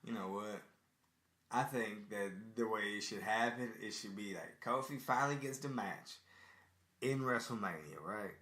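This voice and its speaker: A man's voice: lowish voice, normal speed, a bit bright. A young man co-hosting a casual podcast, laid-back and teasing in his banter. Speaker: podcast co-host. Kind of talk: casual chat. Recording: echoey room.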